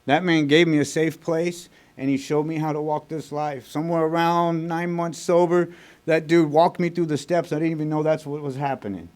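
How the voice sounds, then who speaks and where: Man from Texas, somewhat higher voice, blunt and profane storyteller at a group meeting. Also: fairly even intonation, normal speed, darkish tone. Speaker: recovery meeting speaker. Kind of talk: personal recovery story told to a meeting. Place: recovery group meeting room.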